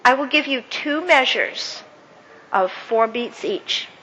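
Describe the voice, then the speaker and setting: A woman speaker leading an audience through a counting and clapping exercise, with many fillers and warm praise. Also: a little high, animated, slow, breathy edge, highs cut off. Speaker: guest speaker. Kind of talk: interactive workshop talk. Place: event hall with audience. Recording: echoey hall with faint ambience.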